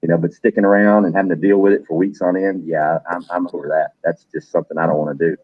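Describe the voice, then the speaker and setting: A man's voice: low-pitched, level tone, fast, dry recording, highs cut off. A middle-aged man hosting a livestream, chatting loosely, cursing now and then and greeting viewers by name. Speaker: livestream host. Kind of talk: casual livestream chat.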